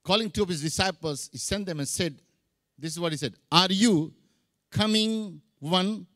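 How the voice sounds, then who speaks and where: A man's voice: high-pitched, moderate pace, pauses often, fairly bright tone, no echo, studio quality. A middle-aged man preaching a sermon, mixing English with Hindi phrases. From India. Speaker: pastor.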